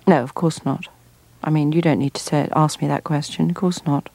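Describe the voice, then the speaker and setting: Woman from England, middle-aged actress, lowish voice, dry close sound, measured and reflective. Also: steady tone, vocal fry, dark tone, no room sound. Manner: thoughtful, frequent restarts and pauses. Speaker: actor, guest. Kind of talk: reflective interview answers.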